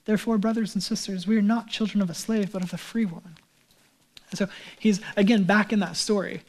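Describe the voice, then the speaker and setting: A male pastor with a voice that sits high and fairly even intonation preaches briskly and conversationally. He swings between loud, emphatic lines and hushed, near-whispered ones.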